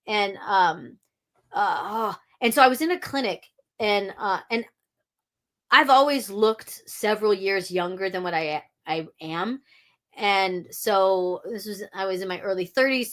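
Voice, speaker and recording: A woman's voice: medium pitch, a little slow, fairly bright tone. A woman guest on a podcast, talking frankly with lots of restarts and blunt swearing. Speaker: podcast guest, audiobook narrator. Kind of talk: candid interview talk.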